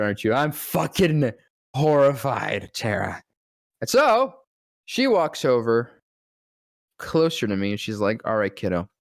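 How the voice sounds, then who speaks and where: A male voice actor spins a loose, rambling anecdote full of swearing. He slips into the lines people said to him as he goes, and his voice sits at an ordinary middle pitch. The sound is dry and close. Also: dry recording. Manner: rambling, profane, acts out quoted lines. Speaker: voice actor guest. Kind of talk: casual storytelling.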